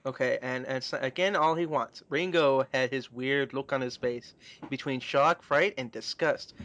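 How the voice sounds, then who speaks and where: In a casual comedic group reading, this podcast co-host reads fan fiction out loud and keeps cutting in with crude, mocking quips between passages. His voice is medium in pitch and fairly bright.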